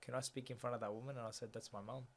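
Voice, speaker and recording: A young man telling a personal story as a guest in a conversation, speaking quietly and reflectively, often letting his voice drop softer. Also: medium pitch, little pitch movement, racing, vocal fry. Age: young adult.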